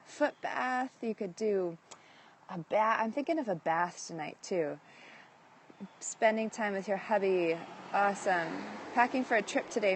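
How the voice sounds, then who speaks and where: A woman hosting a casual live stream from home on her phone, upbeat and reading out viewer comments as she talks. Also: mid-range voice. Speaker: livestream host and direct-sales leader. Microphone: phone livestream.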